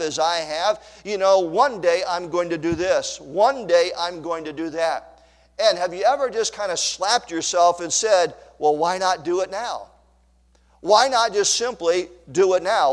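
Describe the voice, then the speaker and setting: A man's voice: sits high, in a large hall. A male pastor delivering an emphatic sermon, repeating key phrases and reading scripture aloud.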